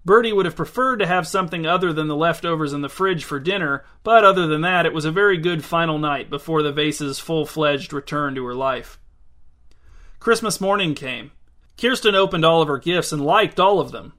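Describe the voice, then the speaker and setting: A man reading a story aloud in an even, measured way. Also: fairly high pitch. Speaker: narrator.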